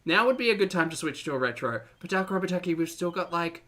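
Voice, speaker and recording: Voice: mid-range voice, expressive, quick pace, fairly bright tone. A streamer doing casual live-stream commentary, wry and exasperated. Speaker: streamer reacting to videos.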